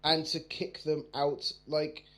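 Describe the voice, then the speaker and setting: A man with a somewhat high voice co-hosts a podcast. He keeps the chat casual and jokey and often breaks into mocking impressions. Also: flat delivery, slow, a bit bright. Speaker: podcast co-host.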